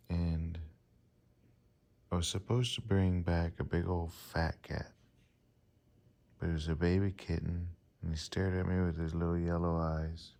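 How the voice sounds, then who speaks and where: A man in his forties casually telling a rambling personal story to his channel, with many pauses and fillers. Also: a bass voice, dark tone. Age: 40s. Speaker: vlogger.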